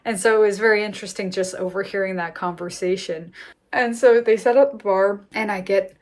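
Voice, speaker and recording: A woman's voice: medium pitch, fairly even intonation, fairly quick. A young woman candidly recounting her first birth story in a chatty way, laughing often. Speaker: vlogger. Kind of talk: personal storytelling.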